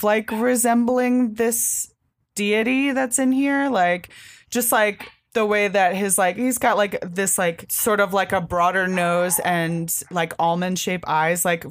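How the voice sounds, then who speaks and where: A woman's voice: medium pitch, fairly even intonation, takes it slowly. A young woman co-hosting a podcast, chatting casually and rambling with a lot of "like" fillers. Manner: rambling, heavy use of filler "like". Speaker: podcast co-host. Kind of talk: casual chat recapping a comic book.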